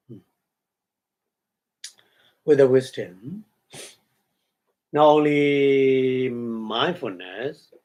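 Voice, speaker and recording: Man, meditation teacher, dharma talk, unhurried delivery, halting, recites and glosses scripture terms. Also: on the low side, a little mellow. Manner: halting, explanatory, recites Pali terms then glosses them; checks in with listeners with short hums and questions.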